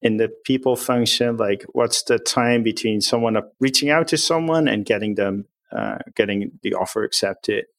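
A man with a low, gravelly voice answers interview questions as a company executive. He explains in an upbeat, plain-spoken way. The sound is dry and close. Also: moderate pace, few pauses, no echo.

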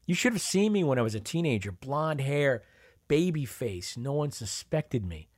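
A man's voice: mid-range voice, very animated, moderate pace, no room sound, clean studio sound. A man doing a sly Southern older woman. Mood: boastful. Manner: chuckling, boastful reminiscing. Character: older Southern aunt, sly and proud storyteller.

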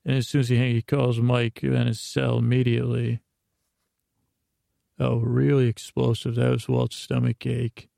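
A man's voice: medium pitch, monotone, creaky, dark tone, no room sound, studio quality. A man hosting a podcast, telling a rambling bedtime recap in a meandering, hesitant, drowsy way full of asides. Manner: drowsy, unhurried. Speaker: podcast host.

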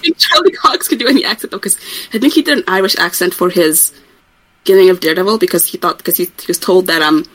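A woman co-hosting a casual book-club podcast, bubbly and quick to giggle. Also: fairly low pitch, fairly bright tone. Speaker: podcast co-host.

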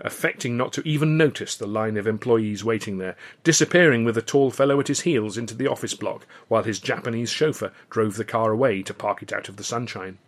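A man narrating his own serialized novel in the first person, wry and measured. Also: mid-range voice, fairly bright tone. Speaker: author and reader of a serialized novel.

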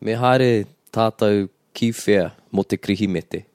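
A man co-hosting a language lesson, patiently explaining words and repeating them slowly. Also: on the low side, a little mellow, dry recording, clean studio sound. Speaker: language teacher and co-host. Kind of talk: bilingual language lesson chat.

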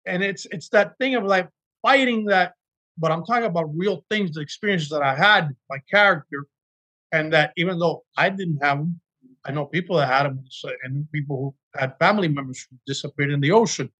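Husky high-voiced man telling stories. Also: fairly quick, pushed and bright. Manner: earnest, emotional storytelling with restarts. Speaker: actor guest. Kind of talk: casual interview chat.

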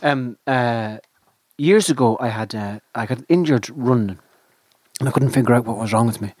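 Husky man in his fifties. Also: mid-range voice, moderate pace, darkish tone, no echo. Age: 50s. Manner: rambling, self-deprecating storyteller. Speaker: podcast co-host. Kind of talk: casual chat.

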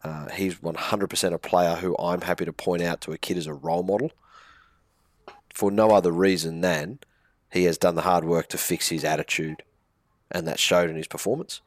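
A blunt man with a very deep voice, giving strong opinions on a sports podcast and swearing freely. The sound is dry and close to the mic, with no room around it. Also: fairly even intonation, normal speed, dry recording. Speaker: podcast co-host. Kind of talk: casual sports podcast chat.

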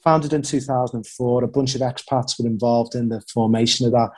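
A man's voice: mid-range voice, steady tone, a little fast, a little mellow. A man in his forties from Liverpool with a Scouse accent, chatting as a podcast guest, self-deprecating and full of fillers. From Liverpool, England. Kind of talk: casual interview chat.

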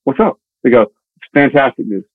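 A man's voice: mid-range voice, dry recording. A man, an actor, telling a long showbiz anecdote in casual interview chat and acting out the other voices in his story. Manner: fast, animated storytelling with voiced quotes. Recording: tinny phone-like audio.

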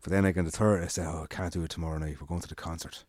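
An Irish man spins a loose, meandering story in easy conversation, slipping into the voices of the people he quotes. His voice sits fairly low and comes across dry and close to the mic. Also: steady tone, racing, darkish tone, no echo. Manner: rambling anecdote with quoted dialogue and swearing. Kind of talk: casual storytelling chat.

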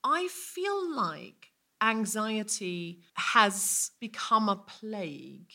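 A woman's voice: mid-range voice, very animated, drawn-out words, pushed and bright. A woman hosting a live podcast, asking her guest questions and adding reflective remarks from the stage. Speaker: podcast host. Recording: noisy live recording.

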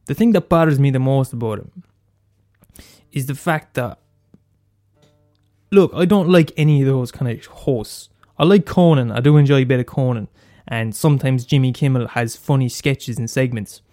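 A man's voice: mid-range voice, mellow, dry recording, studio quality. Sweary Irish man ranting on a podcast. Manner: sweary, blunt, self-mocking, repeats lines for effect. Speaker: podcast host. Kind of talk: solo comedic podcast rant.

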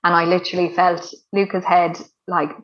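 A woman's voice: fairly low pitch, level tone, normal speed. A woman, telling her birth story in a chatty way full of fillers. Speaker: guest sharing a birth story. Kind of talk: casual storytelling. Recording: dull lo-fi recording.

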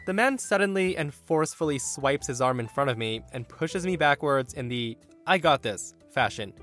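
A man hosting a podcast, narrating a story in an animated, indignant way and acting out the people in it. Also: a little high, normal speed, faint music behind. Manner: animated, indignant retelling with quoted voices. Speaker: podcast host.

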